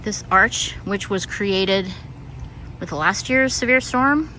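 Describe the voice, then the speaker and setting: A woman's voice: medium pitch, slow pace, rough recording. A middle-aged woman giving a casual walking tour of her backyard garden, chatty and self-deprecating as she points things out. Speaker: gardening vlogger. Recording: loud outdoor background noise.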